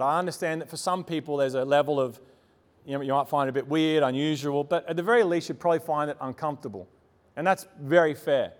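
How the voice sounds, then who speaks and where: Male pastor, sermon delivery, earnest storyteller, fairly high-pitched, reverberant church hall. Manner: earnest, personal storytelling with emphatic repetition.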